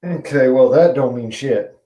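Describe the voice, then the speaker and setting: Blunt, swearing man, mellow fairly high voice, echoey room, faint hiss. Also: measured pace. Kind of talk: casual chat.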